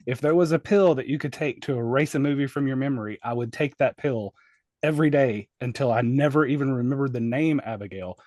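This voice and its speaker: A man's voice: medium pitch, fairly quick, a little mellow, dry recording. Ranting man reviewing a film, dry sound. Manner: ranting, exasperated, profane. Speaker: podcast co-host. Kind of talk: casual film review chat.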